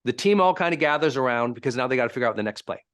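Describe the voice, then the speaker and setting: A man giving a live teaching talk as a high-performance coach, telling stories in an emphatic, animated way. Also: very fast, clear, resonant tone.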